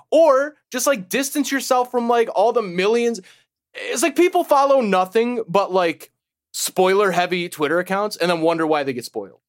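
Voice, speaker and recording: A man's voice: high-pitched, no echo, studio quality. A man co-hosting a podcast in casual chat, blunt and emphatic, prone to profane rants. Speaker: podcast co-host.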